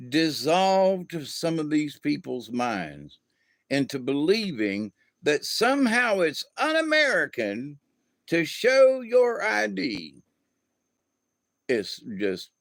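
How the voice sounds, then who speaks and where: A man giving an opinionated monologue, talking slowly and deliberately and acting out quoted dialogue. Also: a little high, no echo, studio quality. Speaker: video host.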